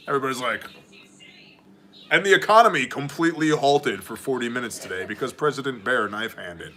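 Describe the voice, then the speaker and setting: A man hosts a casual livestream, answering viewer messages as they scroll by. His voice is bright and forward. He jokes, rambles and slips into mock voices. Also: medium pitch, animated, fairly quick. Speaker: livestream host and ministry leader.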